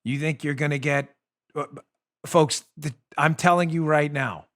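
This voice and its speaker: A man hosting a political talk show, emphatic and sarcastic, with rapid asides. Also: mid-range voice, fairly bright tone. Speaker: host.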